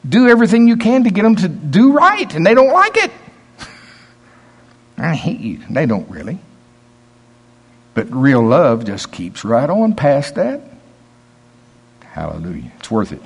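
Folksy older preacher, lively pitch. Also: male voice. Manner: folksy storytelling, swings from low asides to loud preaching. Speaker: pastor. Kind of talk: sermon.

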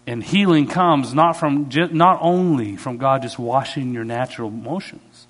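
A man preaching a sermon as a pastor, telling stories with sudden swings in pitch and loudness. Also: normal speed, hardly any pauses.

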